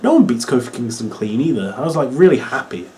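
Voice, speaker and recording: A young man from England with a Norwich accent, rambling excitedly and swearing as he reviews a wrestling show. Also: mid-range voice, fast, slight background noise. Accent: Norwich English. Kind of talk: casual video review.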